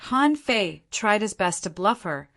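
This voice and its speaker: A woman narrating a fantasy audiobook in a steady, even reading voice. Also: mid-range voice, unhurried. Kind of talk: scripted narration.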